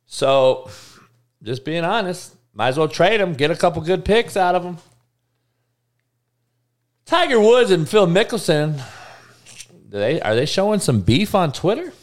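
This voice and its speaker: A man's voice: on the high side, sing-song, unhurried, pauses often. Profane rambling male sports podcaster. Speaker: podcast host. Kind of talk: live-streamed sports podcast chat.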